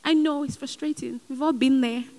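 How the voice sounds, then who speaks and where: High-voiced woman preaching in a hall. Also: steady tone, a little fast, a little mellow. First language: not given. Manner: earnest, exhorting, with personal asides. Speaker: speaker at a Christian gathering. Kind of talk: sermon. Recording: hall with long reverb.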